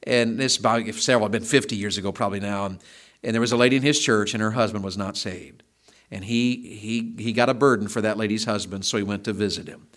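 A man's voice: fairly low pitch, steady tone, fast, a bit bright. A man preaching a sermon, fervent and emphatic, driving home repeated phrases.

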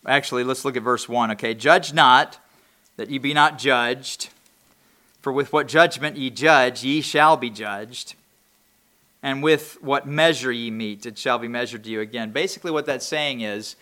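A man's voice: medium pitch, a bit bright. A middle-aged man preaching a Bible-study sermon in a folksy, conversational way, often checking in with "all right?" and building to emphatic preaching.

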